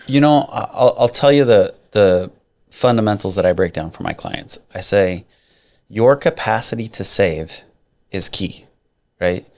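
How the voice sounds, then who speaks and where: A man co-hosting a casual podcast about mortgages, talking in an animated way with jokey asides and emphatic repeats. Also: fairly low pitch, measured pace. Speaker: podcast co-host, mortgage adviser. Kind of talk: casual chat.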